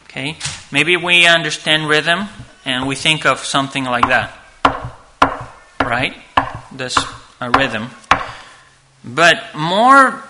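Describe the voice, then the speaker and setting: A man teaching a class on church music from slides, talking haltingly and checking in with "okay?" often. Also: on the high side, bright, forceful tone, poor audio. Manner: halting, restarts and fillers, asks "okay?" often. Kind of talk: slide-based lecture.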